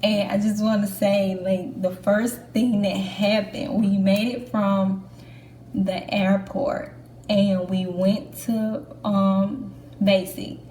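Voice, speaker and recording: A young woman who vlogs as an Air Force trainee talks slowly and flatly to camera in a candid, casual chat full of fillers. Her mid-range voice has a dark tone, and the echoey room carries a faint background hum.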